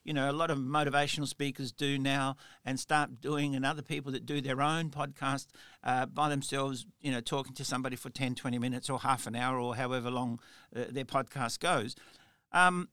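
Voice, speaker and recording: A man's voice: medium pitch, steady tone, fairly quick, sharp tone, smooth, no echo, studio quality. A middle-aged man hosting a solo motivational podcast, talking in an earnest, rambling way full of "you know". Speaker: podcast host.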